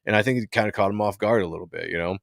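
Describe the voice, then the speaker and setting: A man hosting a casual comic book livestream, chatting in a relaxed way and reading comic lines aloud. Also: fairly low pitch, racing, creaky, no echo, clean studio sound. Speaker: host.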